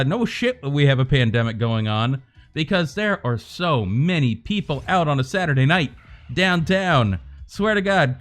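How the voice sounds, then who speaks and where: A man streaming from home in loose, off-the-cuff chat, his voice sitting a little higher than most men's. He rambles, swears freely and slides between jokes and rants. Faint music plays quietly behind him. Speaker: livestreamer. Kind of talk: casual livestream chat.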